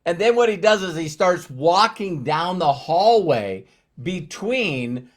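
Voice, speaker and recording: A man's voice: sits high, big pitch swings, slow pace. A man in his fifties hosting a live-streamed motivational talk, upbeat and rambling, with many fillers and restarts. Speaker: network marketing presenter.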